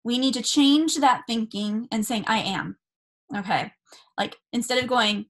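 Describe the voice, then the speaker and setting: A woman in her thirties from Southern California talks straight to her camera in a casual, earnest vlog. Her voice sits a little high, and she drifts along with plenty of ums, restarts and you-knows. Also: a little slow, fairly bright tone. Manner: chatty, many fillers and restarts, earnest. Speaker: spiritual vlogger. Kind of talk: casual spiritual talk to camera.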